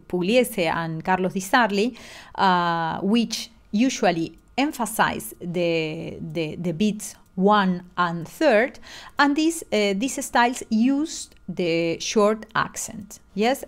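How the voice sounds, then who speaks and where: Middle-aged woman; online lesson delivery, patient, explanatory, many restarts. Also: mid-range voice. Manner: explanatory, with frequent fillers and restarts. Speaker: music lecturer.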